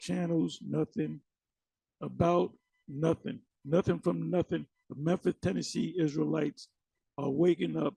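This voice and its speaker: Mocky video reaction guy, swears a lot, gravelly, dead dry room. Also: on the high side, fairly even intonation, unhurried, mellow, dry recording. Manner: mocking, blunt, swears freely. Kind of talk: casual reaction commentary.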